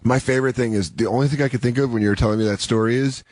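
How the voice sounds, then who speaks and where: A man's voice: mid-range voice, fairly even intonation, rapid-fire, darkish tone, dry recording. A man co-hosting a radio comedy show in casual chat, mostly short agreeing replies and jokes, with some swearing.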